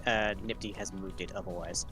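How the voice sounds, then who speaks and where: A man's voice: low voice, fairly even intonation, brisk, over music. A man chatting on a stream, explaining things in a dry, matter-of-fact way. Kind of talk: casual chat on a stream.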